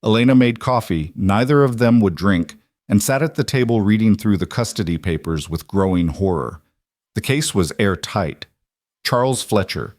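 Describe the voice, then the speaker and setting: A man narrating a scripted story in a steady, measured way. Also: fairly low pitch, no room sound, clean studio sound.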